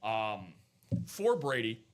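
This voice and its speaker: A man's voice: lowish voice, sing-song, slow pace. A man hosting a live sports card break, chatting casually about football and hyping deals to viewers in an upbeat way. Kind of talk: casual sports chat and sales pitch.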